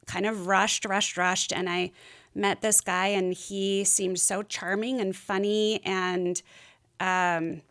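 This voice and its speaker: A woman's voice: mid-range voice, vocal fry, fairly bright tone, smooth. A middle-aged woman speaking as a podcast guest, telling her story candidly and rambling a little, with plenty of fillers. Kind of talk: casual interview chat.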